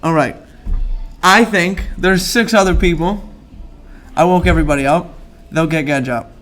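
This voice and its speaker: A young man hosting a podcast, telling a story in casual chat with laughs and quick self-corrections. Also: on the high side, fairly bright tone. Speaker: podcast host.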